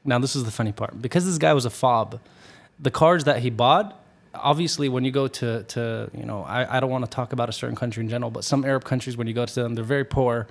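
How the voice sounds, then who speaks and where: Young guy on a podcast telling a long funny story, mid pitch, keeps restarting and laughing. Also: fast, creaky, few pauses. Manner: animated, laughs often, restarts mid-sentence. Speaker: podcast guest. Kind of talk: casual storytelling.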